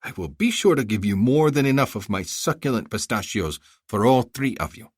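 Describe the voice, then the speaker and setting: A man voicing a fawning, talkative male bazaar vendor who flatters and haggles. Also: medium pitch, a little fast, husky, no room sound, clean studio sound, voice pushed up. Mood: wheedling.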